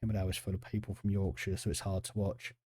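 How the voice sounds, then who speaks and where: A man chats and jokes with viewers as he streams a football management game, reacting to the chat and the match. His low voice is completely flat and fast, with a darkish, slightly rough tone.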